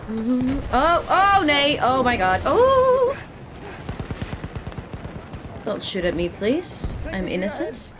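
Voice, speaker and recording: A woman streamer giving excitable, chatty commentary while playing a shooter game, often exclaiming and laughing at herself. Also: sits high, slow, long pauses, noisy background. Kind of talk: casual gameplay commentary. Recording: game gunfire loud behind the voice.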